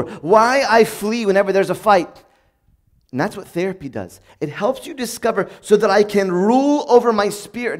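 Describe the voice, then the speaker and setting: A man preaching a sermon in a conversational way, reading from old sayings and acting out everyday moments in a bright, upbeat voice. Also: high-pitched.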